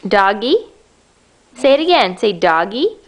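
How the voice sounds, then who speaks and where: A mother talking to her toddler in sing-song baby talk, coaxing and gentle, filmed at home on a handheld camcorder. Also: sits high, sing-song, a little slow. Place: at home indoors.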